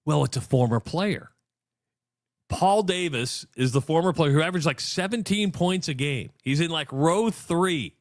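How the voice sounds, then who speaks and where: A man's voice: normal speed, no echo, clean studio sound. A man co-hosting a sports radio show, telling stories animatedly and acting out what others said. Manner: animated storyteller, acts out quotes with big pitch jumps. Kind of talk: casual sports talk. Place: radio studio.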